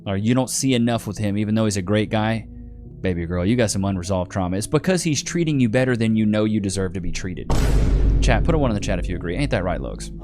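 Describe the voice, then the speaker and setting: A man's voice: fairly low pitch, lively intonation, fast, music in the background. A man hosting a reaction stream, giving blunt, slangy, emphatic commentary straight to his chat. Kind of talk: casual commentary.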